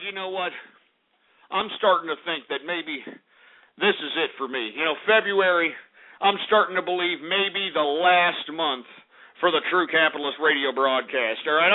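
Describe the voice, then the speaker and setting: A male call-in radio host ranting angrily and swearing at his callers. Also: high-pitched. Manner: angry, profane, shouting tirades. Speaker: radio host taking calls. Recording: phone-like lo-fi stream audio.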